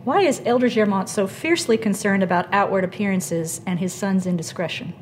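A woman moderating a panel, posing clear questions and steering the talk back on track. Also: mid-range voice, brisk, a little hiss or hum. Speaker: interviewer. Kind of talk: panel interview.

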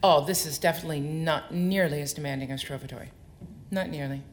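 A woman opera soprano speaking in a strikingly low, deep register for a woman. She talks in an onstage interview in front of an audience, articulate and expressive as she explains her craft at length. A faint hiss sits under her voice. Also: fairly quick.

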